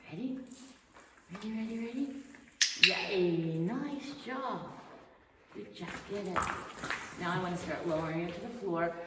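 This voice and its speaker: A woman dog trainer running a live demonstration, praising her dog in a bright, upbeat voice between calm explanations. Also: lowish voice, unhurried, long pauses. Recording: echoey hall from a distance, noisy.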